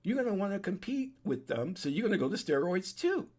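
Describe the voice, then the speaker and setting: Husky man giving an urgent, animated warning. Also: sits high, a little fast. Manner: urgent, preachy, repeats his points with frequent restarts. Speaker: online commentator. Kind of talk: solo warning monologue to camera. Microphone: webcam setup at a desk.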